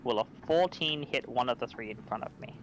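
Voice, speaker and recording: A man's voice: mid-range voice, fairly quick. A man playing a tabletop game who methodically works through rules and numbers aloud. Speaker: player.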